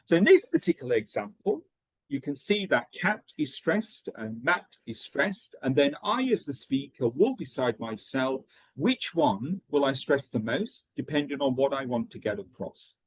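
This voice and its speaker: A man's voice: medium pitch, very animated, moderate pace, breathy edge, no room sound. A man training teachers, explaining pronunciation methods step by step and checking in with a frequent "okay?".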